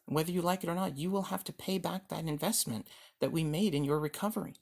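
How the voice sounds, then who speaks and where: A scolding, bureaucratic doctor, as a man puts him on sounds pitched up and pushy, talking down to his patient. His lecture is stiff and self-righteous. It is a homemade one-man reenactment with a faint hiss behind it. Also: quick pace, gravelly. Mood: lecturing. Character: stern male psychiatric doctor, condescending.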